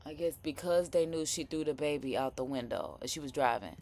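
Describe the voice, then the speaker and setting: A woman with a New Orleans accent hosting a live stream, reacting to news clips in slangy, animated, casual chat. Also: a bass voice, fairly quick. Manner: animated, chatty, slangy, laughing asides.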